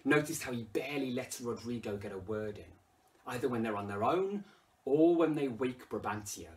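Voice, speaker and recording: English man, literature teacher, explaining a play, animated, dramatic when quoting. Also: mid-range voice, moderate pace, recorded from a distance. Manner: expressive, rises loudly when quoting lines. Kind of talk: lesson commentary with dramatic readings.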